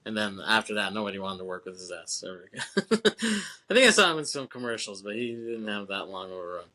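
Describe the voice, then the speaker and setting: A man with a bright, forward voice chats casually as a podcast co-host. He laughs often and swears freely while recapping a film. He slips into quick impressions of the characters' lines. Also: lowish voice, lively intonation.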